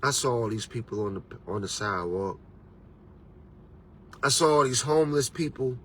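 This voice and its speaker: A man's voice: medium pitch, animated, moderate pace, fairly bright tone, a little hiss or hum. A man hosting a motivational talk as a life coach, preachy and casual, with street slang and repeated "you understand".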